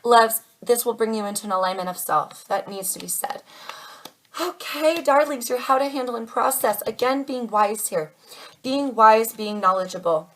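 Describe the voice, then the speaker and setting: A woman's voice: fairly high pitch, normal speed, fairly bright tone, a little hiss or hum, low-quality recording. A woman giving a casual tarot reading to camera, chatty and reassuring, calling her viewers darlings. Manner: chatty, calls viewers darlings, channels spirit messages. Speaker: tarot reader.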